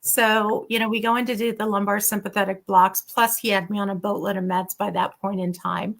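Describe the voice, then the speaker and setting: A woman's voice: medium pitch, brisk, creaky. A middle-aged woman, a physician and former patient, candidly telling her own story as a guest in an interview. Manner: candid, animated storytelling with quoted dialogue.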